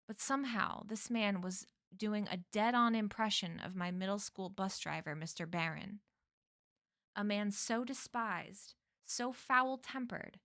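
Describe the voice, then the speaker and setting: A woman's voice: medium pitch, fairly bright tone, no room sound. A woman reads a novel aloud for her stream, taking her time over each sentence. Her voice sits mid-range and sounds close and dry, with no room around it. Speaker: streamer reading a book aloud.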